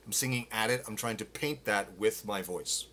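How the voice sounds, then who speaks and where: A man teaching singing live, explaining technique with restarts and breaking into loud sung demonstrations. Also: fairly low pitch, moderate pace, a little hiss or hum. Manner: demonstrates with loud sung grunts and vocal exercises. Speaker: vocal coach. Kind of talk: live-streamed singing lesson. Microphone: phone.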